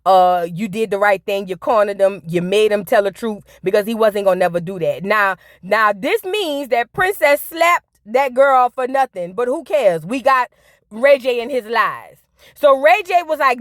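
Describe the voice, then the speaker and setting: A woman's voice: medium pitch, moderate pace. A woman hosting a casual reality TV recap, sassy and scolding as she talks straight to the people on screen. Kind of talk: casual reaction commentary.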